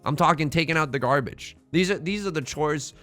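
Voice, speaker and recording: A young man giving casual, joking commentary over his own gameplay, slipping in quick impressions. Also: a little high, sharp tone, faint music behind. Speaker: let's play streamer. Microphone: headset mic.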